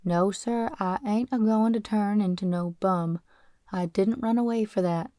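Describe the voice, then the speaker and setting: A proud, poor ranch boy refusing charity, his speech full of rustic country grammar and a stubborn drawl. A woman puts him on in an audiobook, her voice mellow and warm. The sound is dry and close. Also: medium pitch, fairly even intonation, unhurried, dry recording, lightly acted. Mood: earnest.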